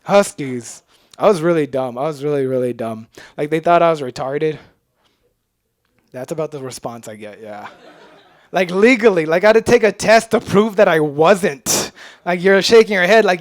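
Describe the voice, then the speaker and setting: A man doing a stand-up comedy set, self-mocking and jumping into loud voices when he acts out people. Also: a little high, lively intonation, moderate pace, no echo, studio quality. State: sweating.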